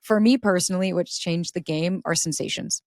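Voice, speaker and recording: Lively woman guest telling stories. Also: on the low side, normal speed, no echo, clean studio sound. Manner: animated storytelling, acts out quoted voices. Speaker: podcast guest. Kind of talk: casual interview talk.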